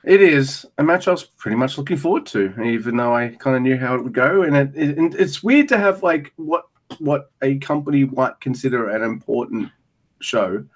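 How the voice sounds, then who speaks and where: A man co-hosting a podcast, recapping a wrestling match in a rambling, profane, animated way. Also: mid-range voice, moderate pace. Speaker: podcast co-host. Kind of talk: casual wrestling recap chat.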